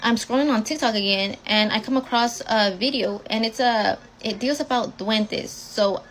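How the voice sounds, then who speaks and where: A young woman casually telling a personal story, blunt and swearing often as she rushes through the retelling. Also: on the high side, a bit bright, slight background noise, low-quality recording.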